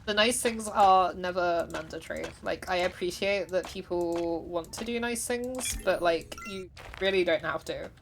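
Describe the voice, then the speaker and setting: A woman's voice: fairly low pitch, normal speed, faint music behind. A woman streamer chatting casually while she plays, chatty and self-deprecating, laughing often. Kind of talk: casual livestream chat while gaming.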